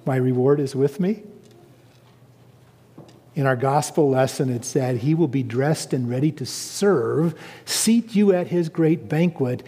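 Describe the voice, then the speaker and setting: A man preaching a sermon, animated and storytelling, rising to emphatic quotes. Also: on the high side, in a large hall.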